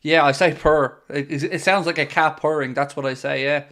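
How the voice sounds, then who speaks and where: An Irish man hosting a live football watchalong, reacting excitedly and calling the play as it happens. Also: on the high side, brisk. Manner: excitable, jumps into play-by-play shouts. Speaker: watchalong host. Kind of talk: live match reaction commentary.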